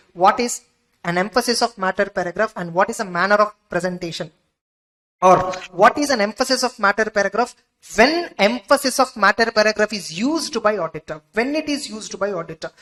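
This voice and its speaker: A woman's voice: mid-range voice, fairly bright tone, poor audio. A woman with an Indian English accent teaching an exam-prep lecture, keeps asking the class whether they follow.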